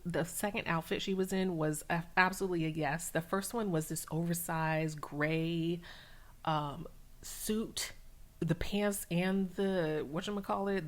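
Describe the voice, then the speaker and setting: A woman with a slightly low voice talks through a reality show episode in a loose, chatty way. She fills her sentences with ums and likes and keeps her retelling animated. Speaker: recap channel host. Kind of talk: casual TV recap.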